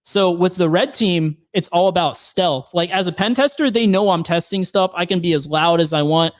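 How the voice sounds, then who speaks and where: In a casual podcast conversation, a male guest who works in penetration testing talks about what he does, full of fillers and restarts. His voice is high and his pace moderate, with studio-quality audio and no room sound.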